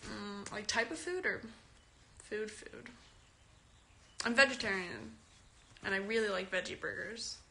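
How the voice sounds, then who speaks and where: A woman's voice: mid-range voice, a little slow, gravelly, long pauses, sharp tone. A fourteen-year-old girl from Canada, giggling and chatting as she reads out and answers fans' questions on a phone live stream. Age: teen.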